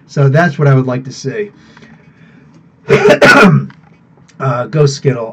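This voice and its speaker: Over a noisy background, a man with a medium-pitched voice talks slowly and pauses often as he hosts a live podcast stream. Chatting casually with viewers, he rambles, gets animated, and laughs frequently, all in dull lo-fi sound.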